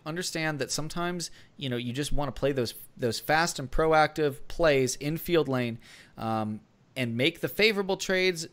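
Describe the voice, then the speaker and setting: Casual strategy advice comes from this gaming podcast co-host, whose mid-range voice has a bit of brightness. He rambles, often restarting and leaning on filler words.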